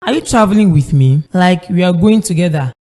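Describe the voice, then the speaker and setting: A man's voice: high-pitched, animated, brisk, mellow, in a large hall. A man with a Nigerian accent voicing a bitter, grieving young man who speaks curtly. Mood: casual. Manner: curt, defensive.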